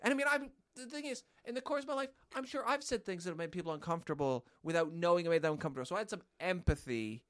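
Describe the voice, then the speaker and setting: A man co-hosting a casual podcast, telling an indignant story with a lot of spring in his voice, his pitch leaping high and dropping low. The sound is dry and close, with no room around it. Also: rapid-fire, hardly any pauses, no room sound. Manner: animated, indignant anecdote telling. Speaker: podcast co-host.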